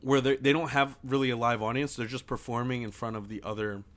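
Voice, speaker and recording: A young man co-hosting a podcast, telling stories in a profane, excitable casual chat. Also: medium pitch, fast. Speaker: podcast co-host.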